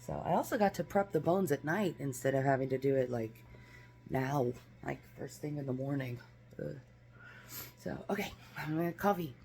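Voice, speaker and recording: A woman's voice: extremely low pitch, moderate pace, darkish tone, slight background noise. A woman chatting casually in a home vlog, rambling with lots of fillers and asides. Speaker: vlogger. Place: home kitchen.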